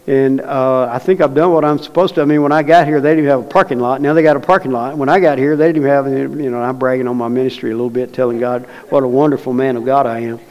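A man's voice: medium pitch, fairly even intonation, fast talker, hardly any pauses, darkish tone, clean tone, dull audio. A man preaching a sermon, telling a personal story in a folksy, plainspoken way. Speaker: pastor. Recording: long reverb of a large hall.

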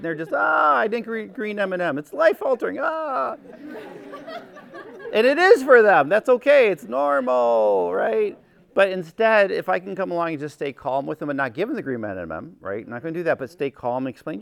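Lively middle-aged man teaching a group. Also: on the high side, creaky. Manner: animated, acts out quotes, keeps checking in with "right?". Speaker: workshop speaker, former chaplain. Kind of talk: informal teaching talk to a group.

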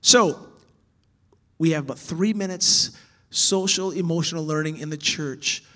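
Speaking a little slowly in a slightly high voice, a man teaches church workers about children's ministry. He's animated, swinging between loud emphasis and soft whispers.

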